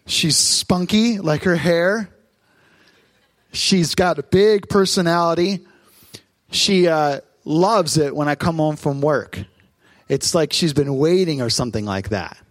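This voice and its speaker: A man, a pastor in his thirties, preaching a sermon on stage in church, telling family stories in a lively, animated way. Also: a little high, no echo. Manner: warm storytelling, lively, quick asides.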